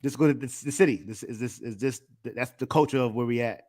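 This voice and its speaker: Casting: male stream host, easygoing and slangy, mid-pitched, quick to laugh. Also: darkish tone. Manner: laid-back, slangy, laughs easily. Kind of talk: casual chat.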